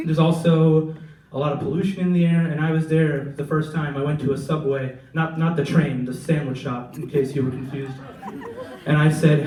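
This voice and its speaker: A young man performing a stand-up comedy set, animated and jumping into voices to mimic his family. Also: mid-range voice, fairly quick, reverberant, far from the mic, rough recording. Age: young adult. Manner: animated, mimics family members with big voice jumps. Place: live comedy venue with audience.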